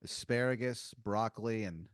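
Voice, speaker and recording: A man hosting a comedy podcast, improvising a story in a rambling, halting way with many fillers and giggles. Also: on the low side, clean tone, dry recording, clean studio sound. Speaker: podcast host.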